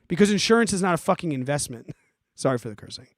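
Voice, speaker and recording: A forty-year-old man hosting a podcast, ranting in an animated, exasperated way and giving casual advice to listeners. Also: a little high, quick pace, no echo, studio quality. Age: 40s. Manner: animated, exasperated, emphatic, swears. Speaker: podcast host answering listener questions.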